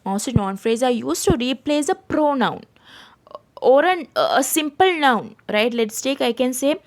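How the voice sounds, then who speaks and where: A woman's voice: high voice, lively intonation, unhurried. A woman from Sri Lanka teaching an English grammar lesson online, explaining step by step and checking in with "right?" after each point. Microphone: screen-share voice recording.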